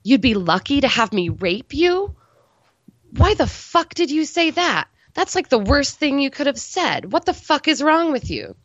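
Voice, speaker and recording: A woman's voice: sits high, big pitch swings, a little slow, no room sound, voice pushed up. Woman doing a frantic, self-berating rebel teen girl. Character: rebellious teenage girl with a shaved head, self-critical. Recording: dull, dry lo-fi recording.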